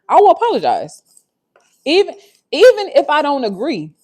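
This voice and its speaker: A woman's voice: mid-range voice, darkish tone. A woman hosting a livestream from her home, telling a personal story in a heartfelt, confessional way and talking straight to her viewers. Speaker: livestream host.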